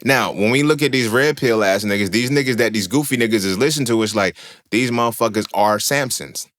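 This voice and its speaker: A man's voice: mid-range voice, a little fast, fairly bright tone. A young man hosting a podcast, talking in a casual monologue, slangy, profane and emphatic as he tells stories. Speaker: podcast host.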